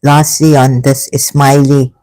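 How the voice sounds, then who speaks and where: A vlogger talking through an emotional personal monologue, halting and sighing, with frequent restarts, stopping to read passages aloud. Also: medium pitch, flat delivery, dark tone, dry recording, rough recording. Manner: reads passages aloud between remarks.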